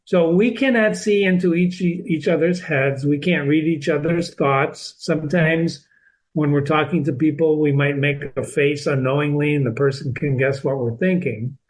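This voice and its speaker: A man's voice: fairly high pitch, steady tone, moderate pace, low-quality recording. A man hosting a reading lesson who explains a novel step by step, repeating and restarting words as he stresses key points. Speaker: literature teacher and channel host.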